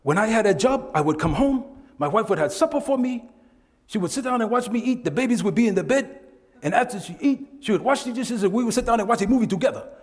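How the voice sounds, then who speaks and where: Man voicing a puzzled immigrant guy, earnest and pleading, pitched up, echoey hall. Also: expressive, fast. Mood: plaintive.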